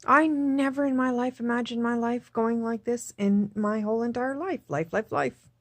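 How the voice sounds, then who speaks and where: Subdued, halting woman with a higher voice. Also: fairly even intonation, dry recording. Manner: halting, repeats herself, subdued. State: tearful. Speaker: vlogger. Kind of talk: personal video diary.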